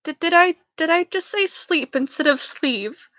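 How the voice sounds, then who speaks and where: A woman's voice: very high-pitched, lively intonation, measured pace, fairly bright tone, no echo. A young woman reading a novel aloud for a book club, stumbling over words and making casual remarks about her reading.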